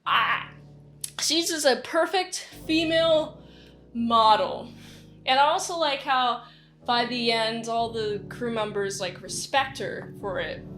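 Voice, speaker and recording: A woman casually recapping a movie in a rambling, excitable way, giggling now and then. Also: fairly high pitch, slow, faint music behind. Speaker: movie reviewer.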